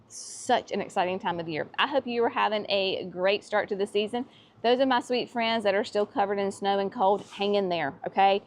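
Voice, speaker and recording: A woman, the host of a gardening vlog, chatting enthusiastically as she shows off plants at her nursery. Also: mid-range voice. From North Carolina, US. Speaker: nursery owner and channel host. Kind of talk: casual gardening vlog walkthrough.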